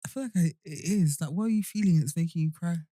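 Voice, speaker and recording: A woman's voice: on the low side, fast, mellow, no room sound, clean studio sound. A young woman co-hosting a podcast, talking bluntly and wryly, swearing freely. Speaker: podcast co-host. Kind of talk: casual chat.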